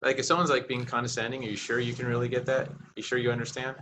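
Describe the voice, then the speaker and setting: A man's voice: medium pitch, monotone, very fast, noisy background. A man co-hosting a casual podcast chat over a video call, teasing and playful, slipping into little acted bits. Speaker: podcast co-host. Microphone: video call mic.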